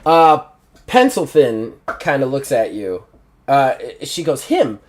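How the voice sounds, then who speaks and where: A man narrating as game master, animated and quick to laugh. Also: medium pitch.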